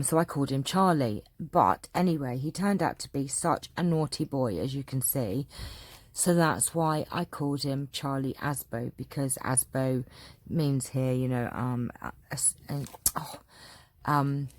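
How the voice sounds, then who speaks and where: A woman's voice: extremely low pitch, measured pace, dry recording. An English woman hosting a craft channel, answering viewer questions in a chatty, rambling way with lots of fillers. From England. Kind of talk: casual Q&A chat.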